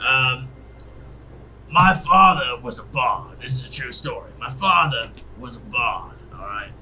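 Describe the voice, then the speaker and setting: Awkward captain guy trying to calm everyone, a man doing him, bright lively voice, echoey. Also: mid-range voice, a little slow, slight background noise. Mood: placating. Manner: hesitant, placating, full of uhs. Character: nervous, folksy ship captain who tells bad jokes. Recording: echoey room, far from mic.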